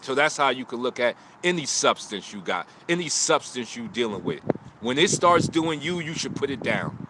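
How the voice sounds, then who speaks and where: Over a noisy background, a man with a mid-range, expressive voice speaks at normal speed. He's a martial arts teacher streaming live outdoors by phone, preaching in short lines about loss and motivation in an emotional talk.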